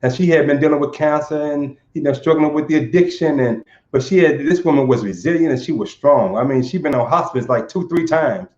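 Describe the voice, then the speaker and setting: Man from saint louis, storytelling performance, earnest, repeats words as he goes, slightly high voice, roomy echo, dull lo-fi sound. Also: a little fast, hardly any pauses, darkish tone. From Saint Louis, USA.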